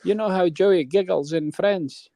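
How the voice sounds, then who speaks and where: A man's voice: high voice, a little slow, gravelly, warm tone, no echo. A man telling a long rambling story on a live panel, checking in with his listeners. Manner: rambling, keeps checking in with "right?".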